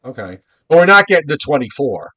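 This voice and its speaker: A man's voice: a little high, big pitch swings, fairly quick, sharp tone. A man co-hosting a live weather podcast, chatting casually with a sarcastic, joking manner. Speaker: podcast co-host.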